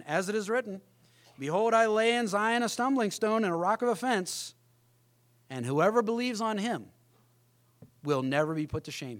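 Male pastor, middle-aged, sermon, high voice, emphatic, mimics other voices.

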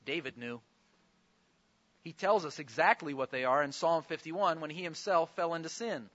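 A man's voice: fairly high pitch, normal speed, fairly bright tone, highs cut off. A man preaching a sermon, explaining scripture with earnest, pleading emphasis.

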